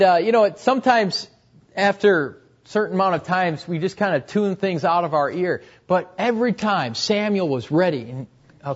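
A young man preaching a sermon earnestly, repeating key phrases and letting his voice drop at the end of each point. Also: high voice. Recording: dull, lo-fi recording.

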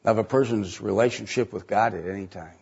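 A middle-aged man preaching a sermon in a conversational way, asking rhetorical questions and jumping up in pitch to stress a point. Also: a little fast, gravelly, darkish tone, husky, dull audio. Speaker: pastor.

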